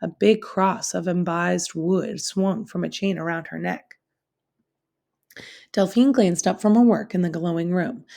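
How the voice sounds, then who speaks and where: A woman teacher reading a novel aloud in a steady, expressive storytelling manner. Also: fairly low pitch, creaky.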